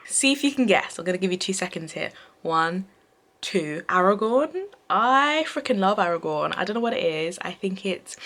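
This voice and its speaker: A young woman chatting casually in a reading vlog, rambling with many fillers and quick asides. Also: on the low side, lively intonation, a bit bright. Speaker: book vlogger. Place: bedroom at night.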